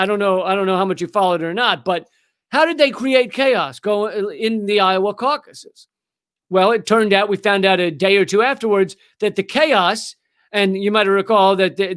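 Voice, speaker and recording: High-voiced man ranting sarcastic news. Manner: profane, sarcastic, animated ranting with restarts. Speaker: political comedian and news host. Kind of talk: comedic political news commentary.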